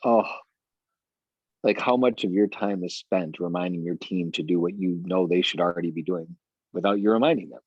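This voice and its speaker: A man's voice: low-pitched, fairly quick, breathy edge, no echo, lo-fi sound. A man coaching a sales team on a video call, talking eagerly and rambling with lots of fillers.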